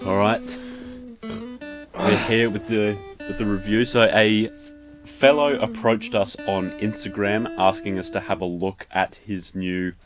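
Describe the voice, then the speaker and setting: A young Australian man co-hosting a podcast album review in a relaxed, conversational way. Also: fairly low pitch, a little slow, over music. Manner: relaxed and conversational, with fillers like "um" and "sort of". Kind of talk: casual podcast chat.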